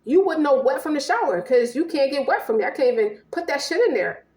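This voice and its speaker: Casting: high-pitched woman, blunt and foul-mouthed tarot reader, echoey room. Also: sing-song, a little fast, darkish tone. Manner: blunt, profane, acts out both partners. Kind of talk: casual tarot reading.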